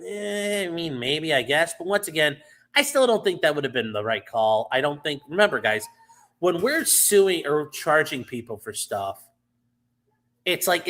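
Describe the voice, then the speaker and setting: A man's voice: mid-range voice, sharp tone. A man hosting a live stream, casually explaining a legal case with many fillers and restarts.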